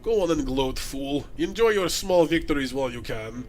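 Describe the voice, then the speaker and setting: A man's voice: medium pitch, expressive, moderate pace, darkish tone, soft background music, voice pushed down, close to an everyday voice. A man voicing a cold, scheming noblewoman villain with a put-on Russian accent and sneering, theatrical menace. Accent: vaguely Russian, put on.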